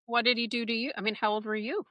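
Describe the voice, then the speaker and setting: Bright-voiced woman host, reflective. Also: on the high side, fairly even intonation, fast talker, dry recording. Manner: reflective, affirming, faith-based comments. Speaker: podcast host. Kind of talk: supportive interview talk.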